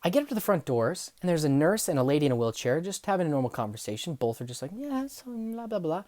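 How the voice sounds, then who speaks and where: A young woman telling funny workplace stories, acting out the people in them and swinging from hushed asides to loud outbursts. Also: low voice, very fast, no echo. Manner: animated, acts out dialogue, swings from hushed to yelling. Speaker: storyteller. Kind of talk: comedic storytelling vlog.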